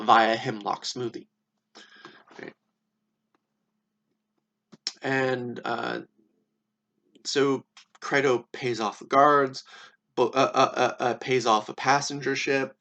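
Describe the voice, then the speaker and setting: A man's voice: mid-range voice, vocal fry, fairly bright tone. A man casually retelling old dialogues as a lesson, swearing and tagging lines with "right?". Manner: casual, profane, many fillers and "right?" tags. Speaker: explainer retelling philosophy.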